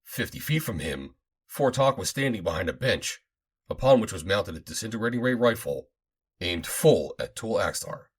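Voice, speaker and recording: Husky guy reading an adventure audiobook, dramatic and animated. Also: fairly low pitch, moderate pace. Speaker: audiobook narrator. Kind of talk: first-person audiobook narration.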